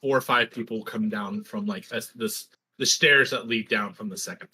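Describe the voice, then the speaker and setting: A man's voice: lowish voice, normal speed, sharp tone, husky. A man running a tabletop game as game master, narrating scenes with a playful, teasing manner.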